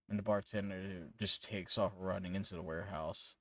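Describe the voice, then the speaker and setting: A man's voice: sits low, fairly even intonation, moderate pace, hardly any pauses, a bit bright, no room sound, low-quality recording. A man running a tabletop game as game master, narrating casually, laughing and swearing.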